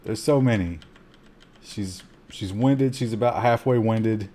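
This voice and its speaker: A man streaming a survival game, giving live commentary with excitable gasps between calm asides and talking to his chat. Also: fairly low pitch, measured pace. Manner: talks to chat.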